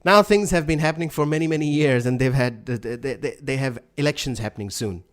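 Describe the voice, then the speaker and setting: Rambling man co-hosting a chat podcast. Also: medium pitch. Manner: rambling, halting, with restarts and laughter. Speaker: podcast co-host. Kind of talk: casual chat.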